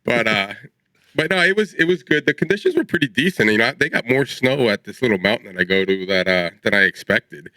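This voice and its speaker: A man's voice: medium pitch, lively intonation, brisk, bright, forceful tone, dry recording, rough recording. A man in his forties co-hosting a podcast, telling rambling stories in casual chat and laughing as he talks. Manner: rambling storyteller, laughs mid-sentence. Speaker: podcast co-host.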